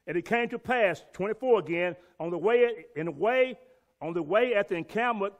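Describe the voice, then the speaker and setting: A man's voice: high voice, lively intonation, moderate pace, muffled recording. A man teaching a Bible lesson and reading scripture aloud, emphatic and repeating key words for stress.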